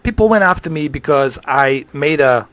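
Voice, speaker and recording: A man's voice: a little high, lively intonation, normal speed, fairly bright tone. A man ranting on a live stream, heated and profane, swearing freely.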